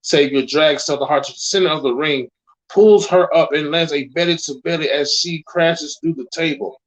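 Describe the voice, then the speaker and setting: Over poor audio, a man co-hosting an online show reads a scripted wrestling storyline aloud, occasionally tripping over words and throwing in his own reactions. His pitch is fairly high and his pace moderate.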